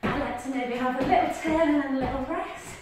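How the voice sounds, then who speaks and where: A woman's voice: high voice, fairly quick. A woman leading a workout class, upbeat, counting out reps and whooping. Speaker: fitness instructor. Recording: echoey distant room with noise.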